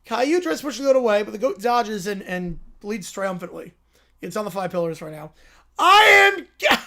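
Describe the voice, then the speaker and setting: High-voiced man hosting a livestream. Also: brisk. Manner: sarcastic, amused, reading prompts aloud. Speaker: livestream host. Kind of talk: casual livestream reaction chat.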